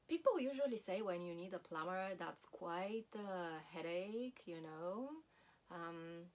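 A woman teaching a language lesson, repeating each word slowly and deliberately so learners can practise. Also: lowish voice.

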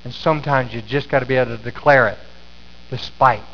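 Middle-aged pastor preaching in an echoey church. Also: male voice, medium pitch, brisk, slight background noise. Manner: storytelling, with frequent restarts and fillers. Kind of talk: sermon. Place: church sanctuary. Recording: echoey sanctuary, slightly dull sound.

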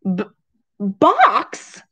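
A fussy, easily flustered housewife, as a woman acts her out for a storybook, exclaiming in shock. Her voice jumps high and loud. The pitch leaps wildly between her cries. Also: animated, slow pace, no room sound.

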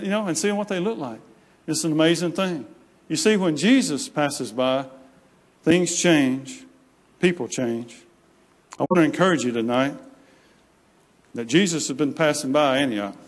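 In a church sanctuary with long hall reverb, a male preacher with a slightly high voice gives a storytelling sermon. He tells it plainly, acting out quoted voices and repeating phrases.

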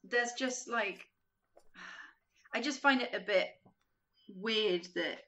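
A woman with a bright, crisp voice chats as a podcast guest. She tells stories in a lively way, acting out the quotes with plenty of "like" along the way. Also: on the high side, slow pace. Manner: animated, acts out quotes, frequent "like". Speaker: podcast guest, games writer. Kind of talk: casual chat, storytelling.

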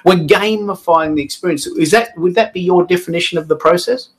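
Chatty man hosting a video-call panel, a touch high, trips over his words. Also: brisk, poor audio. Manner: chatty, self-deprecating, restarts often. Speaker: livestream host. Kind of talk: casual panel chat.

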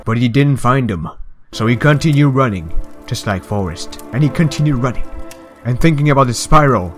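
A man's voice: mid-range voice, animated, normal speed, soft background music. A young man hosting a gaming video, giving playful, jokey commentary and narrating the game as a mock story. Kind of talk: casual let's-play commentary.

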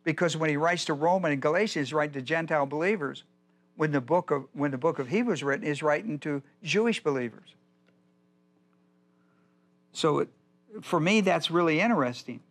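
An older man teaching a Bible study as pastor, folksy and digressive, often repeating himself. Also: a little high. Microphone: whiteboard lecture in a church.

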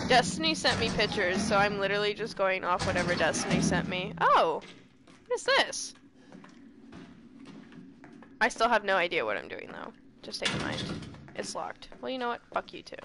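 A woman streaming a game live, excitable and shouty, swearing often. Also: mid-range voice, background noise. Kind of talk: live gameplay chat.

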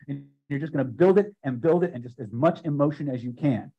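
An older man teaching a live self-help seminar, speaking emphatically and building phrases up loud before dropping to a hush. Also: mid-range voice, a little fast, few pauses, slightly rough, highs cut off. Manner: emphatic, builds repeated phrases to loud peaks then drops quiet. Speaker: hypnosis and self-help trainer. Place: seminar room with audience.

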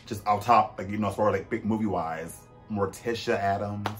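Animated low-voiced man chatting. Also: brisk, faint music behind. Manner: animated, swooping pitch and sudden loud bursts; chatty, with frequent "like" fillers. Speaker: vlog host. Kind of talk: casual chatty commentary.

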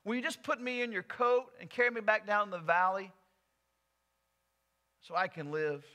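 A sly, wheedling talking snake begs and coaxes in a raised, bright voice, with a man acting him out. It is a fable told from the pulpit, high and pointed in tone. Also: steady tone, moderate pace. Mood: pleading. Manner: wheedling, coaxing.

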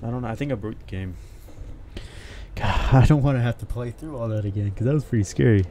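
A man's voice: mid-range voice, fast talker, crowd noise. A young man commentating a horror game as he plays, jumpy and swearing, whispering when scared and talking to the characters. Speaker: gaming streamer.

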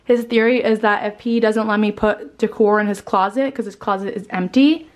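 A woman's voice: medium pitch, steady tone, moderate pace. A woman in her twenties gushing about her holiday decorating while showing her home, a bit out of breath and swearing casually. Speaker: lifestyle vlogger. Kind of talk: casual home tour chat.

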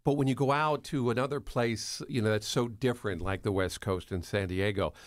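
A man's voice: fairly low pitch, a little fast, no echo. A middle-aged man, co-hosting a radio show and telling stories in a rambling way with lots of fillers. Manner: chatty, rambling storyteller with many fillers. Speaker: radio co-host. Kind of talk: casual radio chat.

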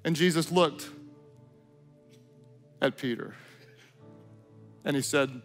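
A pastor delivers a sermon in a high-pitched voice. He rises to loud, emphatic declarations, then drops low and hushed. Quiet music plays faintly beneath him. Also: lively intonation, slow pace, long pauses. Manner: swings between loud emphatic declarations and hushed intimate tones.

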